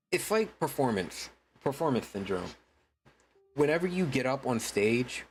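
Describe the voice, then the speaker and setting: A man's voice: mid-range voice, a little mellow, slight background noise. A man streaming live, chatting casually in a put-on streaming voice, rambling with many restarts and curses. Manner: uses a deliberately put-on streaming voice. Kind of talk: casual livestream chat.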